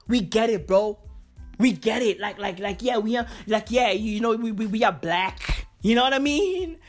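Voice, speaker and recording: A woman's voice: on the high side, expressive, moderate pace, faint music behind. A woman on a comic rant, slangy and profane, repeating lines for effect. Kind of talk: comedic rant.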